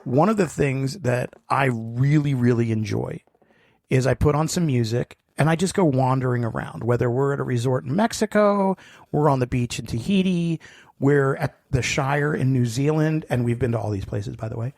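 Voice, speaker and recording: A man's voice: medium pitch, moderate pace, vocal fry, a little mellow. A man co-hosting a podcast, telling stories in casual chat, swearing freely and laughing easily. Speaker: podcast co-host.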